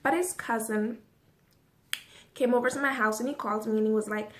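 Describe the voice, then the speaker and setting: Woman vlogger, fairly high voice, animated and profane story-time delivery, talking straight to camera. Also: moderate pace, pauses often.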